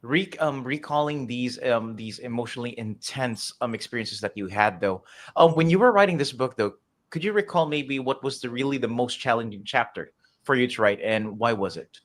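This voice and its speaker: A man hosting a live author interview. His questions come out halting, with restarts and repeated words. He backs the guest with encouraging affirmations. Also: medium pitch. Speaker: interviewer host.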